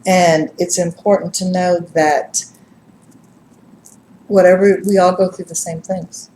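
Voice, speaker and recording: Animated woman in an echoey room. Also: lowish voice, slow, a little hiss or hum. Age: middle-aged. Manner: animated, laughs and acts out quotes. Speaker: psychic reader and speaker. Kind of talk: casual storytelling to a live group. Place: live-streamed gathering room.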